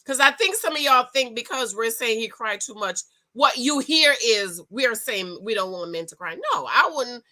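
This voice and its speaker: Bright-voiced sassy woman reviewing reality TV. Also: a little high, normal speed, few pauses. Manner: animated, sassy, repeats and restarts. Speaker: reality show commentator. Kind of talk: casual opinion review.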